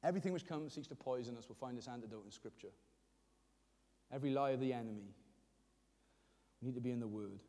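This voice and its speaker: A man's voice: mid-range voice, fast talker, pauses often, warm tone, in a large hall. A middle-aged man preaching a sermon, emotionally acting out prayers and speaking to the congregation. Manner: emotional, voicing prayers aloud with rising intensity. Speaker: pastor.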